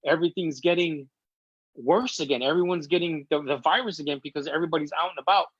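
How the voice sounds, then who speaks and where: A middle-aged man from Chicago sits for a casual interview, his voice sitting a little high for a man. He tells his story with open emotion and acts out the quotes. The sound is dry and slightly dull. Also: quick pace, slightly rough, no echo. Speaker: interview guest.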